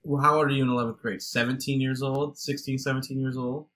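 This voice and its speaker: A man's voice: mid-range voice, level tone, quick pace, a bit bright. A man co-hosting a casual movie podcast, laughing often and swearing freely. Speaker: podcast co-host.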